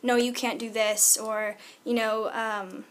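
A woman's voice: a little high, fairly even intonation, slow pace. A young woman singer answering interview questions in an easygoing, giggly way with many fillers. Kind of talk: casual interview chat.

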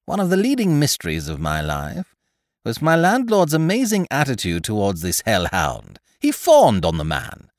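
Brief: male narrator, lively wry storytelling, slightly low voice, dry close sound. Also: normal speed, dry recording. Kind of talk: scripted audiobook narration.

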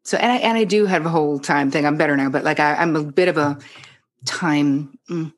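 A woman's voice: low-pitched, a little fast. A middle-aged woman from New Jersey with a New Jersey accent, a psychotherapist talking casually on a podcast, candid, swearing freely and acting out the dialogue in her stories. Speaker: psychotherapist guest.

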